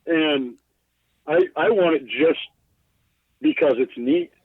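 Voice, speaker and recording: A man on the high side with lively intonation speaks slowly during a casual podcast interview. Calling from inside his bus as a guest glassblower, he's loose and self-deprecating, with frequent swearing and filler words, over a tinny phone line.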